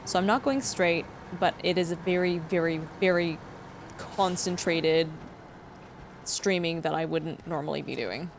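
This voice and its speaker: A woman's voice: on the low side, unhurried, slight background noise. A young adult woman streaming live, chatting with her viewers, emotional and close to tears, laughing often. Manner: emotional, gushing, laughs a lot, near tears. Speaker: livestreamer. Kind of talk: casual livestream chat reading to viewers.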